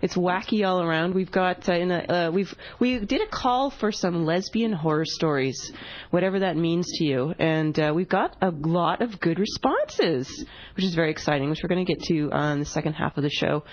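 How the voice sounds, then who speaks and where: A woman's voice: fairly low pitch, moderate pace, lo-fi sound. A woman hosting a community radio show in a studio, with a nasal voice and a joking, chatty manner. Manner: joking, chatty, trails off with fillers. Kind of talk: casual community radio chat.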